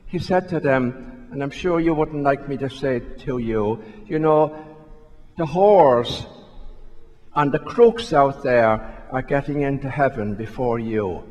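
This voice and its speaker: A man's voice: medium pitch, slow pace, darkish tone. A man, a priest, giving a sermon in a large church, talking in a conversational, self-questioning way and repeating himself as he tells a story. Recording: long reverb of a church hall.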